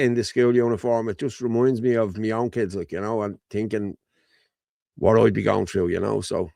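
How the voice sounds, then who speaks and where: An Irish man hosts a casual livestream, his talk emotional, rambling and full of repeats. His voice is low and rough with a gravelly fry, and it sits close and dry with no room sound. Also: fairly even intonation, fairly quick, a little mellow, no room sound. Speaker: host.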